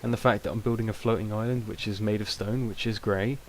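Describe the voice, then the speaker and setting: A man's voice: lowish voice, steady tone, quick pace. A young British man giving rambling, self-mocking casual gameplay commentary, with many ums. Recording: noisy home recording.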